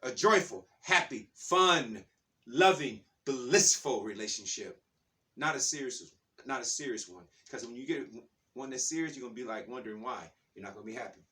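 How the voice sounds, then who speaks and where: A man's voice: medium pitch, expressive, moderate pace, sharp tone, distant mic. A man giving a spiritual talk in a fired-up, preacher-like way, repeating his phrases. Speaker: spiritual speaker.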